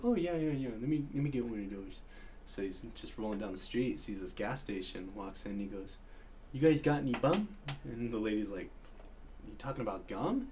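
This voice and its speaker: Laughing, lively man in casual chat. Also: fairly low pitch, slight background noise. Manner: laughs often, tells jokes with lively voices.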